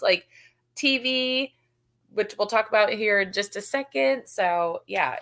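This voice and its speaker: A woman co-hosting a casual motorsport chat podcast, bubbly and excitable, laughing easily. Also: medium pitch. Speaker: podcast co-host.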